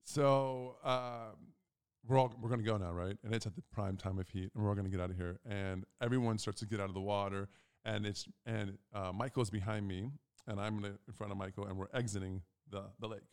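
A young man co-hosting a casual chat, telling a long story and acting out the quotes with big jumps in pitch. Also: fairly even intonation, a little fast, darkish tone, clear, resonant tone. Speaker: podcast co-host.

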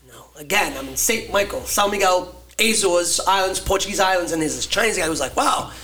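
Male co-host, quick and high-voiced, excitable storyteller. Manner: fast, excitable storyteller, teasing. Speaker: podcast co-host. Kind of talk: casual chat.

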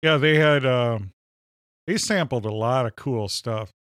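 Minnesotan male co-host, deadpan joker, smooth resonant voice, close dry mic. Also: mid-range voice, measured pace, dry recording. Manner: jokey, deadpan asides. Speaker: podcast co-host. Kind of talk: casual banter.

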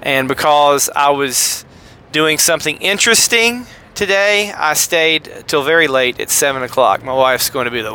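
A man's voice: on the high side, moderate pace, bright, forceful tone, slight background noise. A middle-aged man hosting a podcast in a chatty, joking, self-deprecating monologue. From American South. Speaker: podcast host. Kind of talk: casual rambling monologue.

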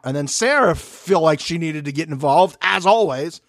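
A man co-hosting a casual reality TV recap podcast, animated and profane, acting out the show's people in quoted voices. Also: sits high, moderate pace, few pauses, no echo, studio quality. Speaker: podcast co-host.

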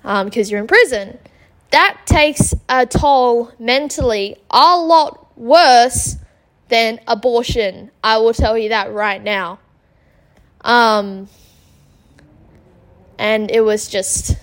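A woman's voice: fairly high pitch, slow pace, long pauses. A young woman, hosting a solo podcast and retelling an argument in an exasperated, chatty way with lots of ums and likes. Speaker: podcast host.

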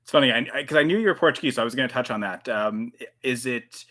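A man's voice: medium pitch, quick pace, a bit bright. A Canadian man hosting a casual livestream podcast, who rambles with restarts and fillers. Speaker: podcast host.

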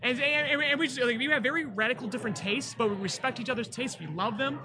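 A man's voice: very high voice, quick pace, background noise. A man co-hosting a podcast, talking in an enthusiastic, chatty way. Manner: enthusiastic, talkative. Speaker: podcast co-host. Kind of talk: casual chat.

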